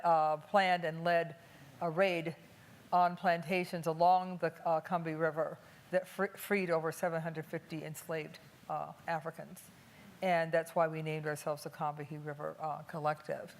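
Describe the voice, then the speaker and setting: An older woman from Cleveland speaking on a panel before an audience, thoughtful and unhurried, with many filler pauses. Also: on the low side, little pitch movement. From Cleveland, USA. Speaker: panelist and activist. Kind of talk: public panel talk. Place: museum talk before an audience.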